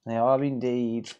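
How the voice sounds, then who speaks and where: This man's voice sits in the mid range, mellow and clean-toned, though the audio is lo-fi. He's fixing electronics on a live stream, bantering crudely and joking around with chat as he works.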